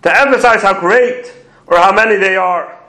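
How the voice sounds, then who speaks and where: Very high-pitched male Torah teacher, methodical explainer, roomy echo. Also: moderate pace, pushed and bright. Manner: explains commentaries step by step, quoting Hebrew phrases. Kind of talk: prayer commentary lecture.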